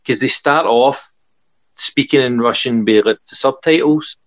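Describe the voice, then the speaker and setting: A man's voice: mid-range voice, unhurried, no echo. A man, chatting eagerly about films he loves. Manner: enthusiastic, laughs often, says aye. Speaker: podcast co-host. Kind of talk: casual chat. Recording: dull lo-fi dry sound.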